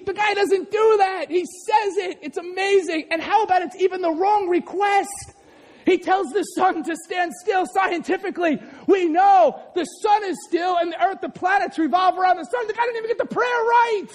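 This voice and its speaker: A man preaching a sermon with animated delivery, swinging from shouts to quiet asides and often asking the congregation "right?". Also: very high-pitched.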